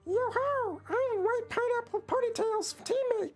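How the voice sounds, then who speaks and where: A man voicing a perky young woman soldier in a squeaky falsetto, bouncy and playful. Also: unhurried, soft background music. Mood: cheery. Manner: bouncy, cheerful greeting.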